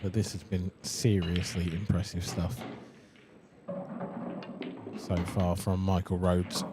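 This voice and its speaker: Lowish male co-commentator breaking down shots. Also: flat delivery, slow, background noise. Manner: analytical, explains shots and positional play. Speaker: pool co-commentator. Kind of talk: live sports commentary.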